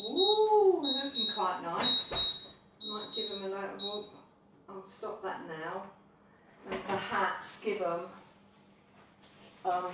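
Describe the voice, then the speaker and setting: Cheery British woman cooking in an echoey kitchen, natter over clattering dishes, mid-pitched and warm-hearted, chatty. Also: a little hiss or hum. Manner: cheerful, rambling, cheeky asides, bursts of loud whoops. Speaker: cooking show host. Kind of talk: chatty live cooking stream. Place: home kitchen.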